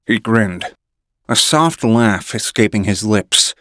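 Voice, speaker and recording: A man reading an audiobook in measured first-person narration. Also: fairly low pitch, animated, a bit bright, dry recording, studio quality.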